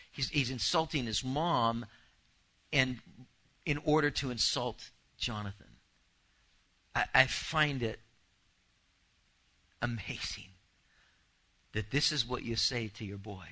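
A pastor preaching verse by verse in a church, his voice bright and forceful. He talks animatedly and repeats words as he works out his thoughts aloud. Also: mid-range voice, rough recording. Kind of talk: expository sermon.

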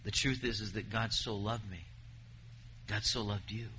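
A man's voice: lowish voice, steady tone, moderate pace, bright, forceful tone, lo-fi sound, a little hiss or hum. A man preaching a sermon, reading scripture aloud and pressing his points with emphasis.

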